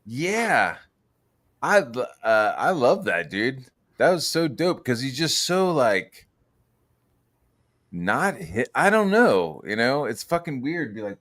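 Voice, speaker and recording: A man telling rambling, profane stories in casual podcast chat, breaking into loud excited outbursts. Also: mid-range voice, takes it slowly. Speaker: podcast co-host.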